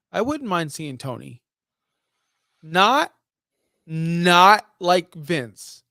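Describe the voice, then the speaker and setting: A man's voice: on the high side, bright, forceful tone, no room sound, studio quality. A young man co-hosting a casual wrestling podcast, blunt, profane and full of strong opinions. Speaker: podcast co-host.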